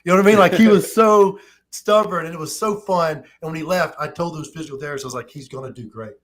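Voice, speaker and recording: A man in his thirties hosting a live-streamed talk, telling stories in quick animated bursts. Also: on the high side. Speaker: host. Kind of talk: casual live-stream chat.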